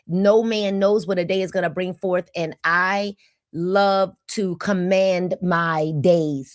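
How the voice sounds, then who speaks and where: A woman's voice: mid-range voice, no echo, clean studio sound. A woman, hosting a casual livestream and greeting viewers by name in an upbeat way. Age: 50s. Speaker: host of a livestream.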